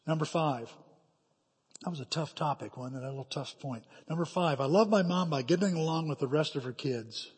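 Brief: middle-aged male pastor, slightly high husky voice, emphatic storytelling sermon, hall reverb. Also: brisk, a little mellow. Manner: storytelling, emphatic, with dramatic quoted asides.

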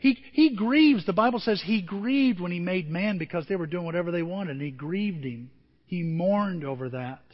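A man pastor preaching a sermon with emotion, his voice moving from quiet and tender to loud and emphatic. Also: sits high, normal speed, big-room sound, dull audio. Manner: emotional, swings from soft to emphatic.

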